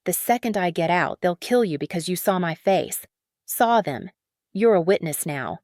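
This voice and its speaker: A woman voicing a wounded male criminal with a Korean accent, rough, clipped and controlled, in a low dry read. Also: lively intonation, normal speed, darkish tone, no room sound, close to an everyday voice. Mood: menacing.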